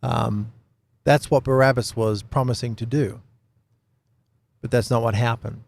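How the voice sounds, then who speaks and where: A man's voice: medium pitch, steady tone, a little slow, gravelly, darkish tone. A man teaching scripture in a casual, chatty way, often laughing and checking in with "right?". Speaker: Bible teacher.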